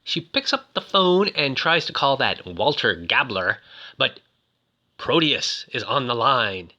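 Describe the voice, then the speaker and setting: Jokey guy recapping a movie, lively and bright, rambles a lot. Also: medium pitch, slow, muffled recording. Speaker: film recap host. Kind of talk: casual film recap.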